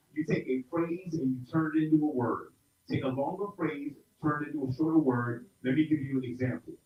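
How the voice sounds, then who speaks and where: A middle-aged man from South Carolina teaching a hip-hop rhyming workshop to a group, upbeat and playful, with call-and-response. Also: fairly high pitch. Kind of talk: interactive workshop lesson. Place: indoor room with an audience. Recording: roomy, distant, dull sound.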